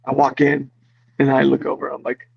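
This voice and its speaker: A man with a raspy, fry-laced voice chats as an interview guest. He rambles restlessly from one story to the next, full of fillers and false starts. The sound is dry and muffled, with no room around it. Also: medium pitch, monotone, moderate pace, dry recording. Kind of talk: casual chat.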